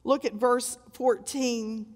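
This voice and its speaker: An older woman preaching a sermon with dramatic, emphatic storytelling, moving between loud exclamations and hushed tones. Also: fairly high pitch, fairly even intonation, takes it slowly, big-room sound.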